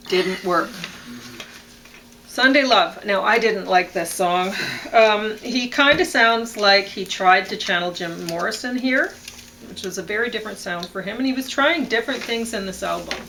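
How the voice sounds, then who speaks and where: A woman's voice: mid-range voice, a bit bright, slight background noise, rough recording. A woman co-hosting a casual show, reading lyric lines and explaining which words should carry the stress, with frequent ums. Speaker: podcast co-host reviewing songs. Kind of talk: casual analytical chat.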